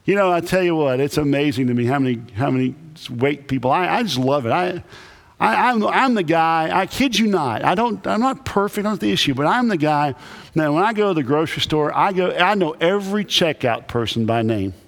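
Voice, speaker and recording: A man who is a Baptist pastor, preaching a sermon with emphatic, animated delivery and lots of repetition. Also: on the high side, fairly quick, creaky. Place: church sanctuary. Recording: echoey church hall.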